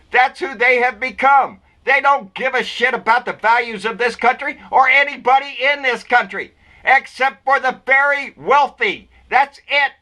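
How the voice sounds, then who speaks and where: A man's voice: very high voice, pushed and bright. A man with a Texan accent delivering a blunt, folksy political rant full of cussing and indignation. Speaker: political vlogger.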